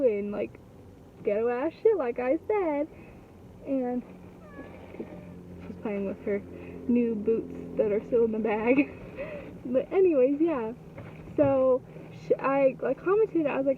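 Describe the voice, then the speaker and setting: A woman's voice: sits high, moderate pace, slight background noise. A young woman and new mother telling a rambling, indignant storytime vlog full of fillers and swearing. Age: young adult. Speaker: vlogger. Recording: tinny phone-like sound, slightly distant.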